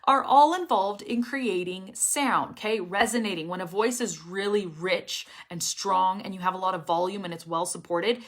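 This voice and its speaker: A woman's voice: mid-range voice, normal speed, hardly any pauses. A young woman teaching English pronunciation in a casual online lesson, with a strong, well-supported voice, speaking energetically and often checking in with "okay?".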